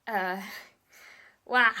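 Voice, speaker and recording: A woman's voice: mid-range voice, fairly even intonation, extremely slow, sharp tone, clear, resonant tone. Tearful young woman vlogging. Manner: candid, emotional, swears casually, speaks to camera. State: tearful at times. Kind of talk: personal confessional vlog.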